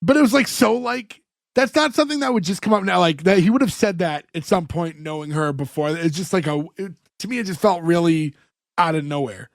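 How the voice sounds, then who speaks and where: A man's voice: sits high, brisk, gravelly, dry recording, studio quality. A man co-hosting a podcast, casually recapping a sitcom episode and acting out lines from it. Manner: animated retelling, acts out quoted lines. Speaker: podcast co-host.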